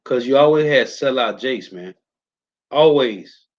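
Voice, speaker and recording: A man's voice: a little high, animated, moderate pace, lo-fi sound. A man teaching a scripture lesson, commenting on film clips in an informal, preachy way, often adding "man" and "right?". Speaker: religious teacher.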